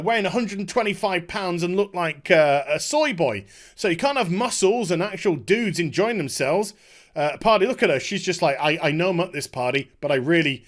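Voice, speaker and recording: A man's voice: high-pitched, a bit bright. A man giving a sarcastic, mocking rant as he comments on a video, sounding exasperated. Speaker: commentary channel host.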